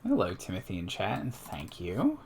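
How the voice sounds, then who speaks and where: A man's voice: low-pitched, wildly swooping pitch, normal speed, gravelly, very noisy. A man streaming a solo tabletop game, casually thinking aloud and reading numbers off a character sheet, with asides to his chat.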